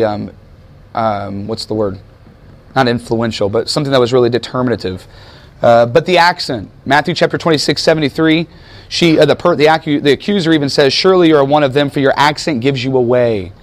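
A man's voice: medium pitch, a little fast. An American man teaching a sermon in a conversational way, asking his listeners questions and searching aloud for words. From United States. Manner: conversational, asks the audience questions. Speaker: pastor.

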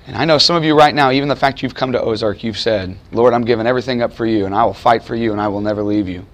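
In a chapel or lecture room, a man with a mid-range voice races through a sermon to an audience of students. He's conversational yet emphatic, and he voices the figures he quotes.

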